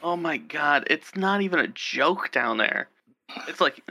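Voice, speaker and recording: Male guest, animated storyteller, very bright tone, lively pitch. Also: measured pace. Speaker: podcast guest. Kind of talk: casual podcast chat.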